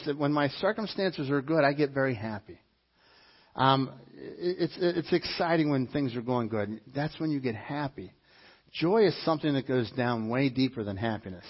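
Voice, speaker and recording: Male pastor, sermon, husky and slightly high, animated with repeated lines, dull lo-fi recording. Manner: animated preaching with mimicked voices and repetition. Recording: dull lo-fi sound.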